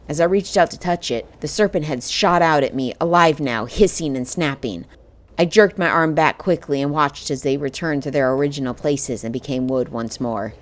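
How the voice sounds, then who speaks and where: A woman narrating a first-person fantasy novel. Her voice sits low and she tells the story steadily with feeling. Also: a little hiss or hum. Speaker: audiobook narrator.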